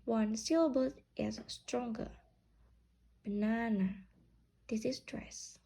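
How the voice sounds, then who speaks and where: A young woman giving a class presentation as a student, speaking in a slow, drawn-out teaching manner. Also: a little high, vocal fry, a little mellow, low-quality recording.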